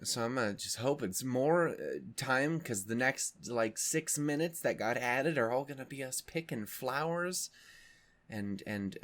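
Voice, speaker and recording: A man's voice: medium pitch, fairly bright tone. A man hosting a reaction video in casual chat, rambling and joking, swearing freely with many fillers and restarts.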